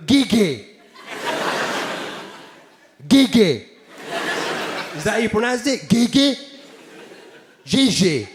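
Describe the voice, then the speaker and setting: A man works a theater crowd, sardonic and chatty, with rhetorical asides. His fairly high voice swings lively through each line. The live room adds a roomy echo over steady ambient noise. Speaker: stand-up comedian. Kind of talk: live stand-up routine. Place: theater stage.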